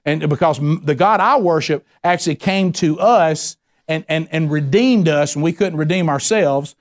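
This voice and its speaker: A man's voice: on the high side, normal speed. A man preaching a sermon, folksy and conversational, asking the congregation to answer back. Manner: preaching with call-and-response questions to the congregation; folksy, says y'all, tells anecdotes. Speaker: pastor.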